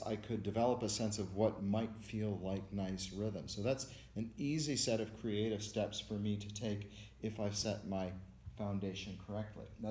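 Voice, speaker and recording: Low-voiced man teaching music theory. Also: a little mellow, reverberant. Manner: explains step by step, counts beats aloud. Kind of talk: lecture with sung and spoken examples.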